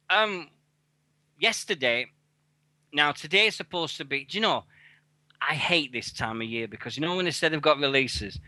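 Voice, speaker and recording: A man co-hosting an internet wrestling radio show, talking excitably and swearing freely. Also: medium pitch, no echo. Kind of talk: casual internet radio chat.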